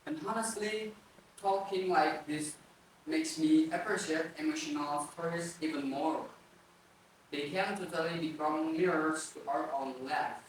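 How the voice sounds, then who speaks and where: Young man, podcast co-host, unhurried, echoey room, distant mic. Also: fairly high pitch, steady tone. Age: young adult. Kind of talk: scripted casual podcast chat. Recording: echoey room, far-off mic, faint noise.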